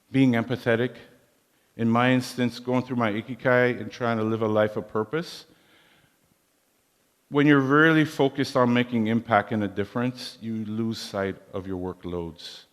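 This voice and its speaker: A man giving a motivational leadership talk in a large hall, measured and preacherly, with proverbs. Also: on the low side. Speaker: keynote speaker. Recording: long hall reverb.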